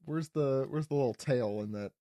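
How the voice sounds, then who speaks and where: A man's voice: mid-range voice, normal speed, mellow, dry recording. A man, a podcast panelist, joking wryly in casual chat.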